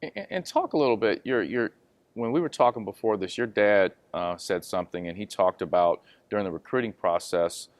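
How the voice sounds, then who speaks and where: A man's voice: fairly low pitch, a little fast, no echo. A man hosting an interview, asking encouraging, conversational questions about a young athlete's path. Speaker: interview host.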